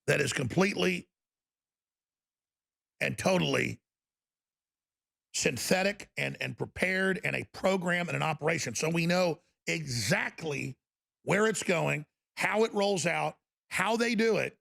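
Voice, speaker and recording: A man's voice: fairly high pitch, lively intonation, unhurried, pauses often, a bit bright. A male talk show host delivering a fervent, ranting radio monologue with mocking asides. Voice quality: gravelly.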